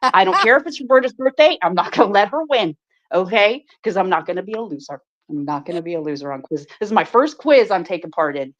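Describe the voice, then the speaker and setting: Animated swearing woman storyteller, lo-fi sound. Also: mid-range voice, fast. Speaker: live stream host. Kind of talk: casual storytelling chat. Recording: dull lo-fi stream audio.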